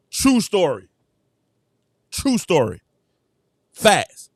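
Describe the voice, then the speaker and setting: A man giving casual sports commentary with a high, lively voice that jumps all over. He laughs often and repeats his points. The sound is close and dry. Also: normal speed, no echo. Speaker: show host.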